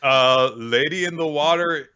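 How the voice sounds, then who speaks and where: A man's voice: fairly high pitch, unhurried, sharp tone, clean tone. A young man co-hosting a casual manga recap, making wry, jokey asides. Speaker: podcast co-host. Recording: slightly dull lo-fi audio.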